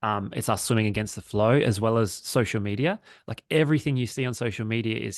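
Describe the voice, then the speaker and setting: A man's voice: on the low side, quick pace, hardly any pauses, dry recording, studio quality. A man chatting casually and reflectively on a podcast, swearing freely. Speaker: podcast co-host. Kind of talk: casual chat.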